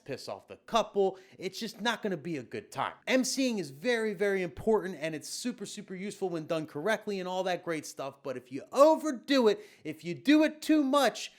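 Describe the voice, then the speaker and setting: A male DJ talks straight to camera in a casual tutorial. He is blunt, emphatic and slangy, and his slightly high voice swings with lively, animated inflection. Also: a little fast, hardly any pauses.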